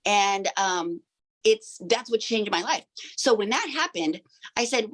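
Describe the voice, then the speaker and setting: A woman's voice: mid-range voice, lively intonation, unhurried, a bit bright. Woman in her 40s telling her healing story, earnest, lots of ums and restarts, middling voice. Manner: earnest, rambling, many fillers and restarts. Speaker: sound healer and crystal shop owner.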